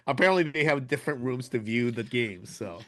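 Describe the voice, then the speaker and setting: A man's voice: medium pitch, fairly quick, fairly bright tone. Rambling man on a casual podcast. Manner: rambling, many fillers and restarts. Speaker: podcast co-host. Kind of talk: casual chat.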